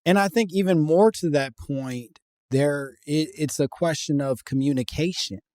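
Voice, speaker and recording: A man hosting a podcast in casual chat, loose and joking, with bursts of loud laughter. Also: a little high, normal speed, no room sound, studio quality. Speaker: podcast host.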